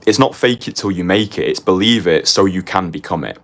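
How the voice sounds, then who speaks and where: A man's voice: low voice, fairly quick, a bit bright. A young man teaching a motivational course as a dating coach, confessional and punchy, tagging his points with "right?" and casually swearing.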